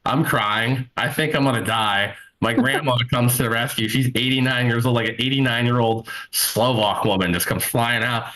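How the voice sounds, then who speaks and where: A man's voice: medium pitch, normal speed, few pauses, sharp tone, rough recording. A man in his thirties doing a stand-up set from home over a video call, telling rambling, self-mocking stories with lots of fillers. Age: 30s. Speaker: stand-up comedian. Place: home, at a computer. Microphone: computer mic on a video call.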